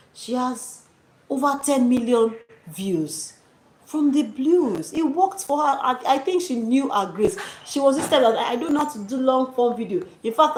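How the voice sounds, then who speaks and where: A woman giving her viewers casual, preachy motivational advice and calling them dearies. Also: a little high. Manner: encouraging, preachy, addresses viewers as dearies and sis. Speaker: YouTube channel host. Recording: echoey room with faint noise.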